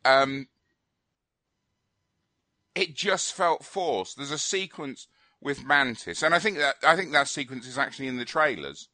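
Male radio co-host, opinionated rambler, bright tone, dry close sound. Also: mid-range voice, expressive, a little slow, long pauses, no room sound. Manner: opinionated, rambling with fillers and restarts. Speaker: film review co-host. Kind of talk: casual radio chat.

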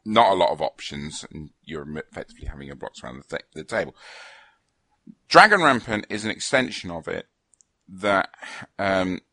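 Low-voiced, lively rambling podcast man. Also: normal speed, no room sound. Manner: rambling, hesitant, with many fillers and restarts. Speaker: podcast co-host. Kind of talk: casual chat about tabletop wargames.

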